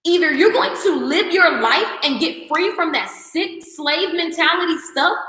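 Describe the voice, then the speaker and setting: High, bright-voiced woman ranting emphatically. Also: animated, unhurried. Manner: emphatic and preachy, with mocking quoted asides. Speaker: vlogger. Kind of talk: passionate rant to camera. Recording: echoey room with long reverb.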